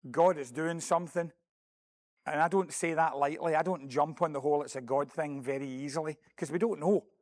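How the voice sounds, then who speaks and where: In a church building, a middle-aged man with a slightly high voice gives a mission report to the congregation, recorded with no room sound. He tells a story and acts out phone calls, adding earnest, self-deprecating asides.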